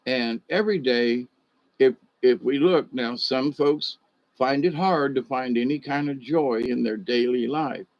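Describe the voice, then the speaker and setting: A man's voice: mid-range voice, measured pace, dry recording, lo-fi sound. A man, telling folksy stories and rambling with chuckles. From Georgia, US. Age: 60s. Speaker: monologue host.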